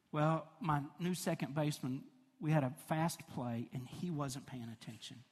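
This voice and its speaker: A man's voice: a little high, unhurried, a little mellow. A middle-aged man preaching a sermon, telling stories in a chatty, conversational way and laughing along. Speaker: pastor. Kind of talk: sermon with personal storytelling. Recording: long hall reverb.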